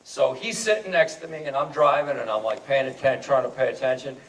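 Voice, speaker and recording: A man's voice: medium pitch, brisk. Man telling stories in an echoey hall. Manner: animated, repeats words, laughs while telling. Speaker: party speaker telling a story about friends. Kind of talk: casual storytelling speech. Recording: echoey room from far off.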